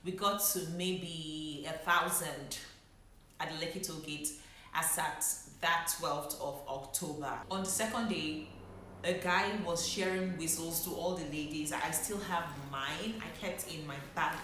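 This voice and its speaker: A young woman doctor speaks in a low, slightly slow voice with a bit of brightness, telling her own story in a personal vlog. She sounds reflective and holds back emotion, recorded in a very echoey room with slight background noise.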